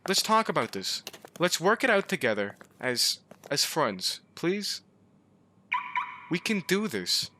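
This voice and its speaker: Lively bright-voiced man pleading and yelling. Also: fairly high pitch, slow pace. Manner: pleading and joking, bursts into yelps and swearing. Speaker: gaming YouTuber. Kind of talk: comedic let's-play commentary.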